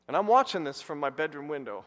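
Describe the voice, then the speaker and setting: A male pastor preaching a sermon, telling a personal story and rising to loud, excited bursts. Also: on the high side. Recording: long hall reverb.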